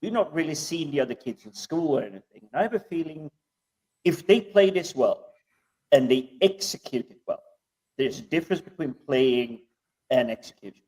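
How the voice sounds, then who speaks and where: A man's voice: fairly high pitch, animated, moderate pace, darkish tone. Distant-sounding man, thoughtful casual chat. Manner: thoughtful, speculative. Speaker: TV review podcast co-host. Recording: distant from the microphone.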